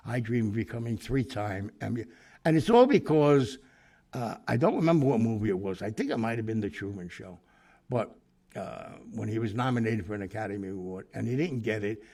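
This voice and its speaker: A man's voice: fairly low pitch, a little mellow. A man casually telling a long anecdote, rambling with asides and self-corrections. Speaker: storyteller.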